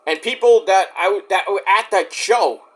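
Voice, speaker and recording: High-voiced man ranting defensively. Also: normal speed, fairly bright tone. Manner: defensive and indignant, swearing; rambling with restarts, talks straight to the viewer. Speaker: YouTube wrestling reviewer. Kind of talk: ranting vlog address to critics.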